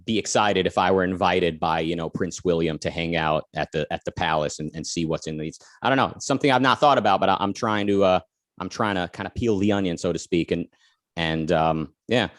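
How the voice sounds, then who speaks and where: A man's voice: sits low, a little fast, no echo, clean studio sound. An American man co-hosting a talk show, chatting casually with many fillers and restarts and reading out viewer comments. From United States. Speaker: podcast co-host.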